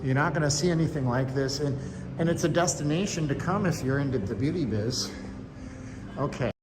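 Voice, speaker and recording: A man's voice: medium pitch, fairly quick, background noise. A man live-streaming a walking tour of a shopping mall, rambling along with joking asides. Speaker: vlogger. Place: inside a large shopping mall. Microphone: phone held while walking.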